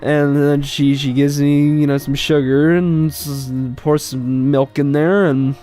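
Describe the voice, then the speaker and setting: A man improvising a comic story, rambling and halting, full of fillers and swearing. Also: fairly high pitch, level tone, warm tone, soft background music.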